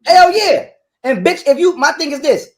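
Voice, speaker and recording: A man, ranting in a heated interview, profane and repetitive, acting out quotes loudly. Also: very high-pitched, expressive, fairly quick. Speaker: guest telling his side of a breakup.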